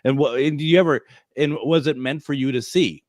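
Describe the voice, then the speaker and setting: A man's voice: medium pitch, a little fast, a little mellow, no room sound, clean studio sound. A man hosting a casual radio talk show, chatty and laughing often.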